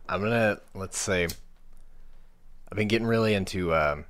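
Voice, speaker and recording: Low-voiced man, relaxed and laughing. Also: unhurried, clean tone. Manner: relaxed, laughs often, agrees readily. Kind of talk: casual chat.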